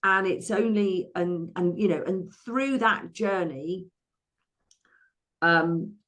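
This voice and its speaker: This is an interview guest, an English therapist and money coach in her sixties, narrating her life with real liveliness. She restarts often and plays out quotes in character. Her pitch is fairly low and she speaks at a slow pace.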